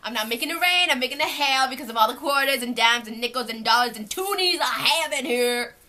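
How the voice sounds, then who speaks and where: Chatty young woman, bright voice. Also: sits high, a little fast. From Canada. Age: young adult. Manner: chatty, rambling, lots of "like". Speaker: vlogger. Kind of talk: casual show-and-tell vlog. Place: at home, indoors.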